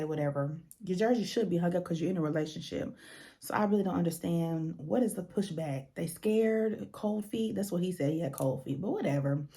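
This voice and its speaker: A young woman recaps a reality show in a loose, blunt way, swearing freely and acting out the people she quotes. Her voice sits a little low and sounds mellow and dark, and she swings into higher tones for emphasis. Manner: animated, blunt and profane, acts out quotes. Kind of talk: casual recap commentary.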